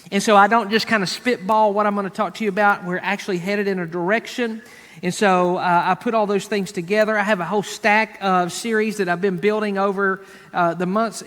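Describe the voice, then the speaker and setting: Folksy preacher with a high voice. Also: male voice, a bit bright. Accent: East Tennessee. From United States. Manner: conversational, rambling with fillers and restarts. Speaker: pastor. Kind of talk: sermon. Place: church sanctuary. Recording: long hall reverb.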